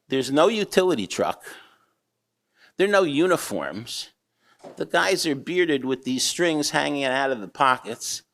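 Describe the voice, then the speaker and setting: An older rabbi giving a humorous storytelling talk, with a wry manner and acted-out characters. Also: male voice, mid-range voice, creaky, a bit bright. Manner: wry, anecdotal, acts out characters. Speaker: rabbi and eruv builder speaking.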